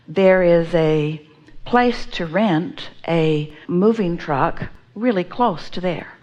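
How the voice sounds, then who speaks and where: A woman teaches a live seminar audience, speaking as "we" and often checking that listeners follow and agree. Her voice is lowish, and the recording has its highs cut off.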